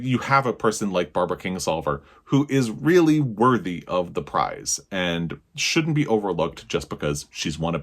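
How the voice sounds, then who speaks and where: A man vlogging a casual book review to camera, excitable and gushing, tripping over his words when thrilled. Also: deep voice.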